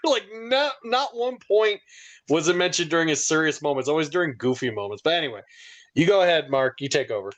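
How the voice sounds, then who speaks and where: A man with a fairly high voice chatting casually on a podcast. He tells stories in an excitable rush and breaks into laughter often. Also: brisk. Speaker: podcast co-host. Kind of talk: casual chat.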